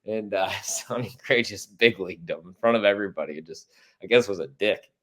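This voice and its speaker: A man's voice: on the low side, a little fast, fairly bright tone. A man from Chicago hosting a sports podcast, giving blunt, profane, opinionated takes in casual chat.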